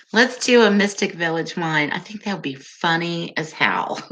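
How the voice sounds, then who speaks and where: A woman hosts a relaxed livestream chat, her soft, calming voice unhurried and slow. Her tone is bright and clear, and she keeps it easygoing and giggly as she answers her viewers. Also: lowish voice. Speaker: livestream host.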